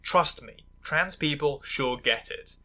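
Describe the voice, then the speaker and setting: A woman's voice: sits low, slow pace, noisy background. A woman giving sarcastic video essay commentary, full of stammering restarts and angry asides.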